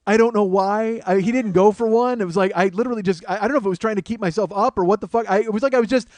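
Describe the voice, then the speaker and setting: Comic male storyteller, fairly high voice, profane and self-mocking, dry close mic. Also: rapid-fire, darkish tone, no echo. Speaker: comedy podcast host.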